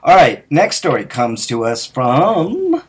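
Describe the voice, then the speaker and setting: A man's voice: fairly high pitch, wildly swooping pitch, takes it slowly, slightly rough. A man hosting a gaming podcast in casual chat, hesitant, with many fillers and restarts. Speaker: podcast host.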